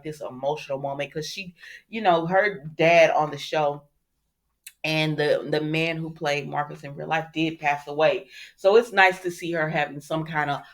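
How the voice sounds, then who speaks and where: A woman hosting a casual recap channel, retelling a soap episode in an animated, chatty way, talking straight to her viewers and acting out the characters' lines. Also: low voice. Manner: animated storytelling, talks straight to viewers, acts out quotes. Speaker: soap opera recap host.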